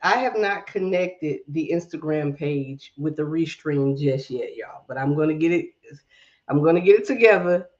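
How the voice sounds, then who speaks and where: A woman's voice: deep voice, lively intonation, moderate pace, a little mellow, highs cut off. A woman with a mix of Southern drawl and Brooklyn accent hosting a casual livestream, greeting viewers by name and talking herself through tech fixes. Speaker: livestream host.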